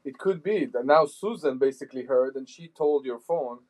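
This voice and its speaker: A man co-hosting a radio talk show, joking and teasing in casual banter with halting phrasing. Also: medium pitch, darkish tone, rough recording.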